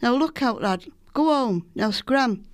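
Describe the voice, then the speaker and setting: A woman's voice: fairly high pitch, lively intonation, measured pace, no room sound, clean studio sound. A woman doing a brusque Lancashire ragman. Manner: brusque, shooing. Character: gruff old male rag-and-bone man.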